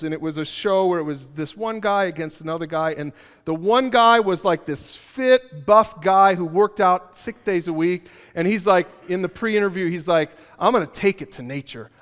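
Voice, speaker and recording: Male pastor, high voice, animated and joking, conversational sermon, hall reverb. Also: moderate pace, hardly any pauses, clear, resonant tone. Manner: animated storytelling with humor, repeats key phrases. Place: church auditorium.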